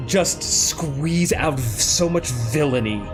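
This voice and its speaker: A man hosting a casual let's play chat, excitable, laughing often and swearing casually. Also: on the high side, slow pace. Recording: music playing underneath.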